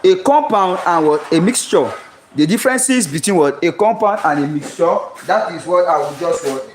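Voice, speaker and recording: A male chemistry tutor leading a live lesson at a whiteboard in call-and-response style. He keeps asking "what?" and answering himself, and slowly repeats the key terms for emphasis. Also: high-pitched, animated. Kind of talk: live-streamed exam lesson. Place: classroom with whiteboard. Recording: echoey classroom from far off with background noise.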